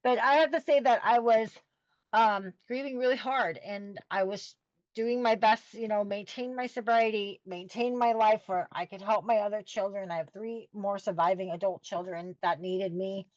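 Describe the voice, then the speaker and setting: A middle-aged woman telling her story as a podcast guest, earnest and halting as she searches for words. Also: medium pitch, steady tone, darkish tone, no echo, highs cut off. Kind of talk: personal storytelling in an interview.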